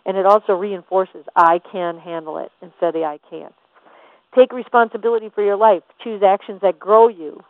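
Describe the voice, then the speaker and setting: A woman teaching in a faith-based motivational talk. She presses her points with rhetorical questions at a middling pitch. The sound is narrow and phone-like, with no room echo. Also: normal speed. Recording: tinny phone-like dry sound.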